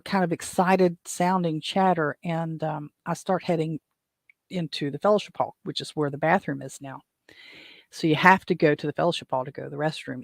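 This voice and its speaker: A man's voice: fairly high pitch, dry recording, studio quality. A man hosting his own podcast, telling a story in a casual, rambling way, often stopping to back up and correct himself. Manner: rambling, self-interrupting, chuckles while telling. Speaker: podcast host.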